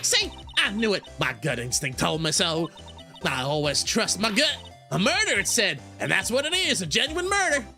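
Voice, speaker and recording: A man voicing a brash, nosy woman photographer with a Southern accent, talking loud and pushy in a game read-aloud. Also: high-pitched, animated, moderate pace, soft background music, voice pushed up. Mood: gleeful.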